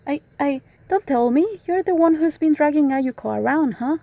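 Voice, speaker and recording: A woman's voice: high-pitched, normal speed, mellow, pitched above the performer's own voice. A woman voicing an angry, suspicious village father who speaks bluntly and accuses. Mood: accusing.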